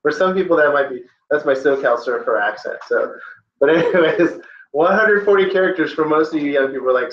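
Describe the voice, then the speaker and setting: A man teaches a classroom lesson and jokes with the class, dropping playful asides as he goes. His voice is on the high side, expressive and a little fast. The classroom audio is dull and roomy.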